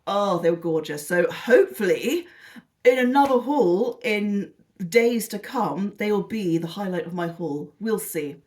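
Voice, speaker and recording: A woman's voice: mid-range voice, lively intonation, unhurried, a little mellow. Chatty British woman, rambling and gushing. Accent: British English. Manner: rambling, self-deprecating and gushing. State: tired and lethargic. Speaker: vlogger. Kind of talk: casual chatty haul video.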